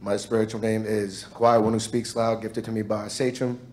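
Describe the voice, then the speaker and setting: Low, flat-voiced man introducing himself. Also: normal speed, a little hiss or hum. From Shinnecock Nation, Long Island, New York. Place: TV studio before a live audience.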